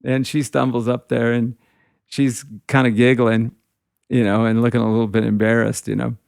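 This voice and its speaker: Middle-aged male guitarist, gravelly, casual rambling storyteller. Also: medium pitch, flat delivery, moderate pace, darkish tone, no room sound, clean studio sound. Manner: rambling anecdotes peppered with "you know". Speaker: guitarist telling tour stories.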